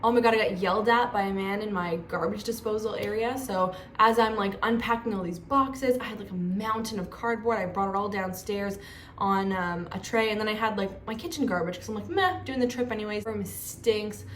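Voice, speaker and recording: A young woman vlogger telling stories in a chatty, animated way, full of fillers. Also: mid-range voice, a little fast. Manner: chatty, animated, lots of 'like'. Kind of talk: casual storytelling vlog. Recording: echoey room with faint noise.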